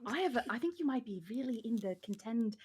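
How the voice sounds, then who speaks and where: A woman's voice: fairly high pitch, lively intonation, fast talker, a little mellow, a little hiss or hum, natural voice. A woman voicing a chatty female baking-show presenter who gushes with playful asides. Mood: gushing.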